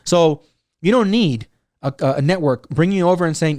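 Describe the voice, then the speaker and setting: A man's voice: on the high side, normal speed, a little mellow, dry recording. A man hosting his own podcast, talking through his opinions in casual solo commentary, rambling, with many "you know"s and "right?"s. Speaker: podcast host.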